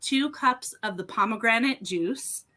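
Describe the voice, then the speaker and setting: Speaking at a measured pace in a fairly high, sharp voice, a woman presents a relaxed live podcast via video call. She's a wine seller and fundraiser co-host whose chatty, upbeat delivery is peppered with ums and you-knows, and she sounds slightly short of breath.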